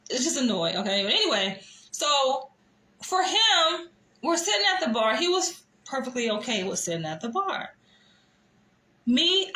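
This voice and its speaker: Young woman vlogger, high bright voice, animated, exasperated, echoey room. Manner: animated, exasperated, swears freely. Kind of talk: casual storytelling to camera.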